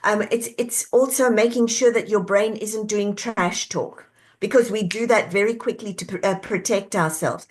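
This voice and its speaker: A woman being interviewed, calmly walking the listener through reflective questions step by step. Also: mid-range voice, moderate pace. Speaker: guest. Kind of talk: interview answer, coaching talk.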